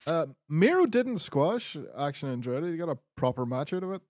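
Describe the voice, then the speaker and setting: A man's voice: a little high, big pitch swings, a little fast, a little mellow, dry recording. Laid-back man recapping, dry mic. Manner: laid-back, recapping with frequent fillers and swearing. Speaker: podcast co-host. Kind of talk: casual wrestling chat.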